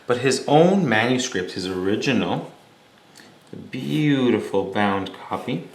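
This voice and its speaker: A man's voice: mid-range voice, lively intonation, unhurried. Male teacher telling a story in an echoey room. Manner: casual, explanatory, with fillers and restarts. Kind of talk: storytelling lecture. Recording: echoey room with faint hum.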